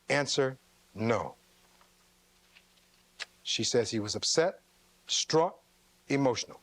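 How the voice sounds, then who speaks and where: A man's voice: medium pitch, expressive, a little slow, pauses often. Emphatic man giving a closing argument. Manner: reads testimony aloud and fires rhetorical questions to the jury. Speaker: defense attorney.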